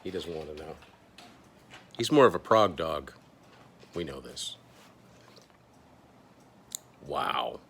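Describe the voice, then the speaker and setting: Low-voiced man musing over an album. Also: animated, slow, pauses often, a bit bright, a little hiss or hum. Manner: thinking aloud, hesitant, dry asides. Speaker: host. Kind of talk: casual first-listen album commentary. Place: indoors at home.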